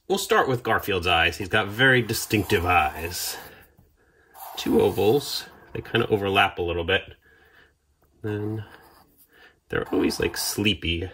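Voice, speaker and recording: A man's voice: low-pitched, pushed and bright, slight background noise. A man hosting a children's storytime, reading aloud playfully with sound effects and prompts for the audience at home. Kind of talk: read-aloud storytime for kids.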